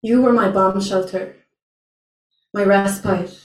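A young woman performing a spoken word poem at an open mic, slow, deliberate and intense. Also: mid-range voice, steady tone. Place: small venue, indoors. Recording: roomy, from far off.

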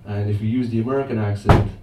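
A man's voice: on the low side, steady tone, fast talker. A man with an Irish accent performing comic spoken word rap at a live open mic, chatty and self-mocking. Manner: chatty, self-mocking, laughs between lines. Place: live performance venue with audience. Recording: echoey, distant, noisy live room.

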